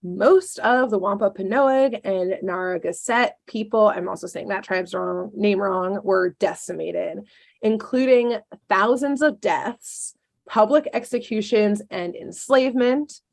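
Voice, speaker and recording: A woman co-hosting a podcast, telling a dark history story in a casual way, with sarcastic asides and lots of ums. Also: medium pitch, measured pace, creaky.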